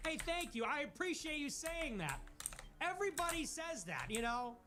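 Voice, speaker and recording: A man hosting a livestream, ranting in a casual, profane and animated way. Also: very high-pitched, moderate pace. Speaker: livestream host.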